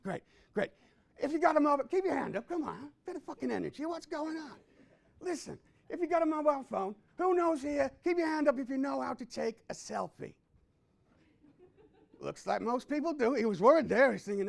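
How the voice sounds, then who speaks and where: A man playing a loud boastful copywriting guru. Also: extremely high pitch, creaky, heavily acted. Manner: loud, boastful, bossy with audience. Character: brash self-obsessed male copywriting guru. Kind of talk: live stand-up character bit. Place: live audience event indoors.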